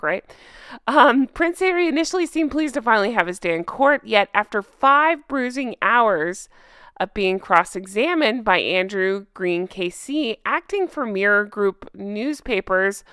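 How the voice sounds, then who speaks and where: A woman's voice: mid-range voice, no echo, studio quality. Laughing, sarcastic woman vlogger. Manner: sarcastic, laughs often, animated. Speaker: commentary channel host. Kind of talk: casual commentary vlog, reading news aloud.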